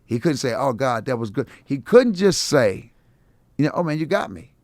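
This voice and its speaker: A middle-aged man tells his stories with a rough, gravelly edge, jumping into the voices of everyone he quotes. The sound is close and dry, with no room around it. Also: mid-range voice, normal speed, no echo. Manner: animated storyteller acting out quotes, laughing. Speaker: guest comedian. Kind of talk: casual storytelling interview.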